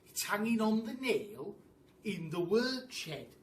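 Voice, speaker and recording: A man voicing Mugglewump, a clever father monkey who talks in a calming, determined way. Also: sits high, takes it slowly, a little hiss or hum, pitched above the performer's own voice, full character voice. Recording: echoey room, mic at a distance.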